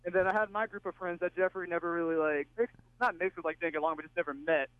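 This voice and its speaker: A man's voice: high-pitched, fast, clear, resonant tone, no room sound. A man from Texas calling in to a radio show and telling a rambling, jokey party story over the phone. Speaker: caller. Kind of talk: casual storytelling. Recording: tinny phone line.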